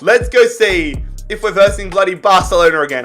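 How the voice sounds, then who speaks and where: Excitable young man. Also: high voice, moderate pace, hardly any pauses, soft background music. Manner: excitable, swears freely, talks to viewers as lads. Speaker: gaming YouTuber. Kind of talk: casual gameplay commentary.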